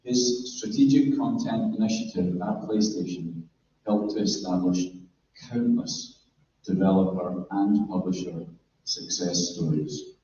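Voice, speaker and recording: A man's voice: sits low, a little slow, dark tone. A man hosting an event, introducing a speaker by running through a long list of credits. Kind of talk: reading out an introduction. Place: large echoey event room. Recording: echoey, muffled, distant with faint noise.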